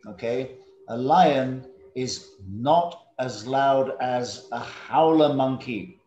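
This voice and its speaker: A man teaching English to students over a video call. He is patient, drills words slowly, calls on students by name and drops in Indonesian classroom words. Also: mid-range voice, warm tone, roomy sound.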